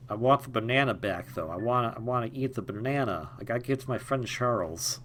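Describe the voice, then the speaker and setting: A man's voice: medium pitch, quick pace, fairly bright tone, a little hiss or hum. A man giving casual, rambling commentary over a video game, joking and drifting into tangents and mumbled asides. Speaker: gaming video host. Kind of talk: casual let's-play commentary.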